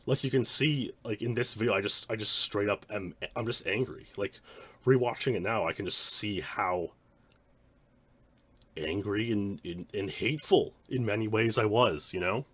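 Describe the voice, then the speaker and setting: A man's voice: lowish voice, moderate pace, a bit bright, slightly rough, no echo. A man, a speedrunner, giving rambling, reflective commentary on his own old streams. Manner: rambling, many restarts and "like" fillers.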